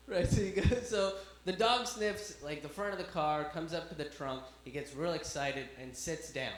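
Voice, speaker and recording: A man doing stand-up comedy, telling a story and acting out the other people's lines in animated bursts. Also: fairly high pitch, normal speed. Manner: animated, acts out voices of cops in anecdotes. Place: comedy club stage. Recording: echoey club room with faint hum.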